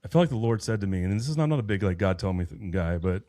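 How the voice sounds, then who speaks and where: A man's voice: fairly low pitch, lively intonation, rapid-fire, dark tone, no room sound, clean studio sound. A man in his thirties, a podcast guest, telling a personal faith story in an earnest, rambling way with many restarts. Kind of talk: personal faith testimony in conversation.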